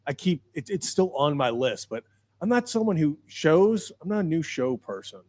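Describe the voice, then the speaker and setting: A man co-hosting a casual talk show, speaking in a halting, self-deprecating way. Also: a little high, very animated, a little mellow. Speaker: co-host. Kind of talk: casual chat.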